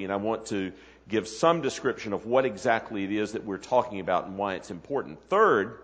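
Man giving a conference address in a hall. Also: on the low side. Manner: earnest, with frequent fillers and restarts. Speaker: conference leader. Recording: long hall reverb.

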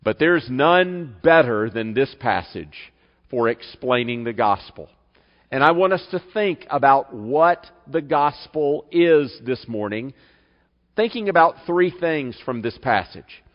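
Slow, deliberate preaching man in a church hall. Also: mid-range voice, expressive, highs cut off. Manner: measured preaching with slow, emphatic scripture reading. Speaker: pastor. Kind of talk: sermon. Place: church sanctuary.

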